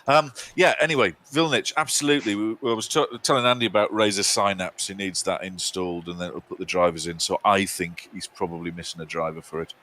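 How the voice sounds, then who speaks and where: A man's voice: low-pitched, steady tone, fast, hardly any pauses, sharp tone. A man co-hosting a live game stream, chatting casually with a teasing, rambling manner and mock outrage. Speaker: co-host.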